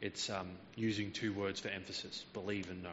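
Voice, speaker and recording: A man's voice: low-pitched, flat delivery, a little fast, fairly bright tone, long reverb tail, muffled recording, a little hiss or hum. A man preaching a Bible teaching sermon, explaining verses patiently with frequent hesitant fillers.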